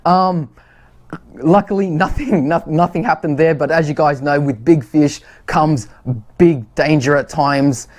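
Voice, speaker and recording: A man's voice: on the high side, measured pace. A man presenting a fishing stream in casual commentary, chatty with laughing asides.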